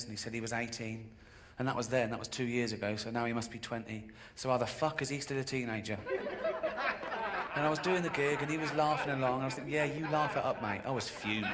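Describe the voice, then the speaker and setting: Man doing deadpan stand-up. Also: a little hiss or hum. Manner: deadpan storytelling with sudden high-pitched outbursts. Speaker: stand-up comedian. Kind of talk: stand-up routine. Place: large live stage.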